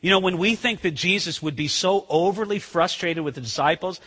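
A man's voice: sits high, a little fast, pushed and bright, slightly rough. A male pastor preaching a conversational sermon. He acts out scenes as he talks. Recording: long reverb of a large hall.

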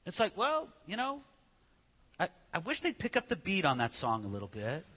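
A man's voice: high voice, wildly swooping pitch, normal speed, pushed and bright, husky. A man preaching a sermon in a conversational way, with rhetorical questions and acted-out scripture. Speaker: pastor. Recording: reverberant church hall.

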